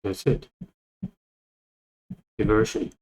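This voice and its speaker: A man teaching English vocabulary, repeating each word and phrase slowly as he explains. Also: darkish tone, rough recording. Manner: repeats words many times, thinking aloud. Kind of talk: slow, repetitive vocabulary lesson.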